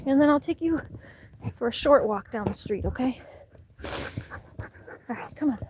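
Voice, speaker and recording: A woman's voice: lively intonation, unhurried, pauses often, a little mellow, a little hiss or hum. A woman chatting casually while coaxing and calling her dogs outdoors, recorded on a phone. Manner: coaxing high pet-talk to dogs. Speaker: vlogger. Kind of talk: casual chat with her pets. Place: outdoors at home, yard and street.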